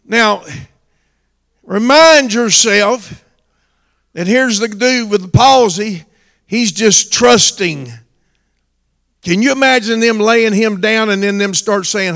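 Man preaching, shouting in a hall. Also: high-pitched, slow pace, long pauses. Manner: preaching with swings from shouting to hushed storytelling. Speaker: pastor. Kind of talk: sermon. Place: church sanctuary. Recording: long reverb of a church hall.

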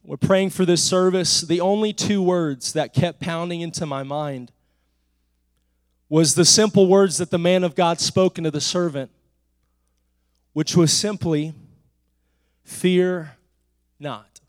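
A man preaching a sermon in a church, rising to shouted declarations with "uh" between phrases and falling back to soft, low talk. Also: measured pace, no room sound. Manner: drops to soft, low speech between climaxes.

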